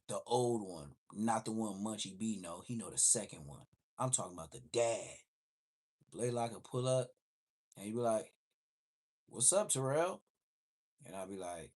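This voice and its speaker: Animated man telling street stories. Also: lowish voice. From Los Angeles area, USA. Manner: profane, slangy, quick to act out quotes. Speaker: livestream host.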